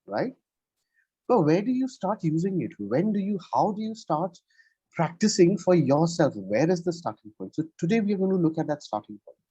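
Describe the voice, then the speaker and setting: A man's voice: fairly high pitch, big pitch swings, normal speed, dark tone, breathy edge, dry recording, dull audio. A man giving a one-on-one English lesson over a video call, explaining patiently and checking in with "right?" after nearly every point. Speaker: English tutor.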